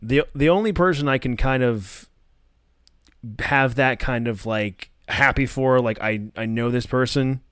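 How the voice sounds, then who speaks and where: A man's voice: medium pitch, measured pace, fairly bright tone, smooth, dry recording, studio quality. A man hosting a podcast, chatting casually with a guest in an easygoing way. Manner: easygoing, brief reactions. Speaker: podcast host.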